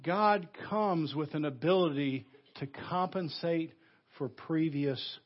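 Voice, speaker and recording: Pastor, man, Southern US accent, husky and a bit high, emphatic sermon delivery, dull lo-fi church recording. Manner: emphatic preaching, swinging between loud stresses and hushed, slow phrases. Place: church sanctuary.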